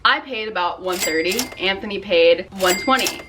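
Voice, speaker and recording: A woman's voice: mid-range voice, normal speed, noisy background. A young woman telling a storytime vlog in a casual, profane, exasperated way, with frequent "like". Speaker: vlogger.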